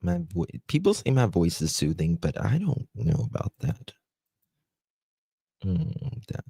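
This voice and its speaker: Slow, gravelly Southern American man. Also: low-pitched, very animated, dark tone, no echo. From United States. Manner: chatty, self-deprecating, many "um" pauses. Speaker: livestream host. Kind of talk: casual live-stream chat, reading out viewer comments.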